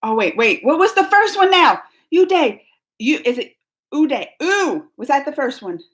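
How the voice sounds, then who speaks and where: A woman's voice: sits high, sing-song, normal speed, fairly bright tone. A woman hosting a casual live stream, chatting and giggling as she reads viewer comments aloud. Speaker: YouTube reaction host.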